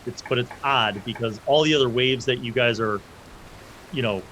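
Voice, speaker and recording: A man's voice: medium pitch, moderate pace, fairly bright tone, a little hiss or hum, low-quality recording. Man running a tabletop game. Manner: vivid, loose descriptions that act out side characters. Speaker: game master.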